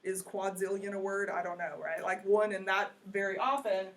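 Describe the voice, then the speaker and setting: A woman's voice: medium pitch, fairly even intonation, moderate pace, recorded from a distance. A woman teacher giving a casual lecture to her class, asking questions and drifting into tangents. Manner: conversational, asks the class questions, goes off on tangents.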